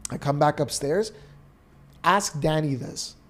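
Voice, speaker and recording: A Canadian podcast co-host in his thirties speaks slowly, his voice on the high side, while telling an emotional personal story. His manner is earnest and animated.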